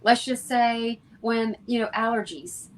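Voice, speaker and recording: A woman speaking as a homeopath guest in an interview, giving advice in a calm, matter-of-fact, instructive way. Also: fairly high pitch, a little slow.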